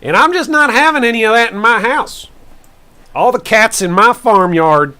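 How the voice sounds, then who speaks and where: A man's voice: high-pitched, lively intonation, sharp tone, clean tone. A man putting on a folksy old Southern farmer. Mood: rambling. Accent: put-on Southern US rural. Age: older. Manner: drawling, rambling folksy storytelling with slow emphatic pauses. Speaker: gaming streamer host in character. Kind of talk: comic character bit on a game stream.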